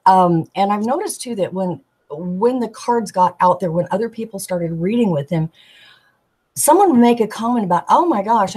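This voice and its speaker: A woman, a tarot deck artist, chatting as a guest and telling animated stories, acting out the people she quotes. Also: lowish voice, slightly rough, low-quality recording. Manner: animated storyteller, giggly, acts out quoted voices. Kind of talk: casual storytelling chat.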